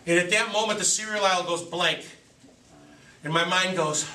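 A man's voice: high voice, moderate pace, long pauses, sharp tone, slight background noise. A man gives a joking, storytelling talk to a recovery meeting, acting out quotes and his own inner voice. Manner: direct and joking. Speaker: recovery speaker. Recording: echoey room from a distance.

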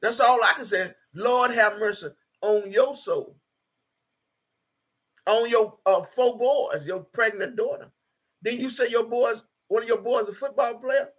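A woman with a higher, breathy-edged voice talks a little slowly on a casual YouTube livestream. She reads viewers' chat aloud in a blunt, emphatic style, swearing freely and turning to prayer.

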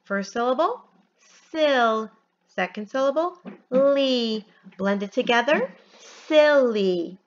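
A woman teacher giving a phonics lesson from home, spelling words out letter by letter in a slow, careful way. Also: fairly high pitch, expressive, muffled recording.

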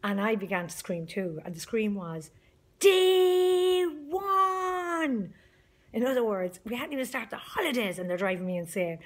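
A woman's voice: mid-range voice, quick pace, few pauses, slightly rough. Lady, middle-aged, chatty pep-talk video to her group, really emphatic. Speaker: support group leader. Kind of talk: motivational video message.

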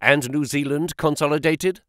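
A man voicing a brisk, smooth-talking male financial agent who speaks quickly and sharply in an audiobook reading. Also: fairly high pitch, dry recording, clean studio sound, natural voice. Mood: flattering. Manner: quick, sharp, flattering and excitable. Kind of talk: audiobook character voice.

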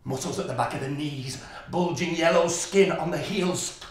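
A man's voice: a little high, normal speed, lightly acted. An actor playing a violent, menacing father who recalls a brutal childhood, in a brooding stage monologue. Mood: haunted. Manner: brooding and menacing, flaring into manic shouting. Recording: echoey hall, voice from far off.

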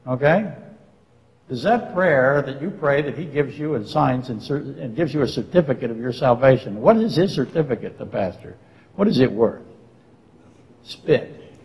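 A man's voice: medium pitch, lively intonation, moderate pace, a little mellow. A man giving a Bible lecture to a congregation, firing rhetorical questions at them and dropping dry, facetious asides. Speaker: Bible teacher. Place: church sanctuary. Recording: long reverb of a church hall.

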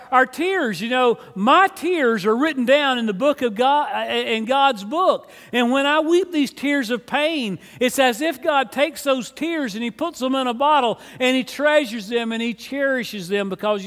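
Man, pastor, earnest sermon, very high voice, long church reverb. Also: a bit bright. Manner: earnest, repeats words when starting phrases. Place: church sanctuary.

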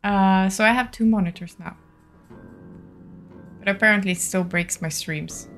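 A woman's voice: mid-range voice, moderate pace, a bit bright, faint music behind. A woman live-streaming a video game, thinking aloud and answering her chat.

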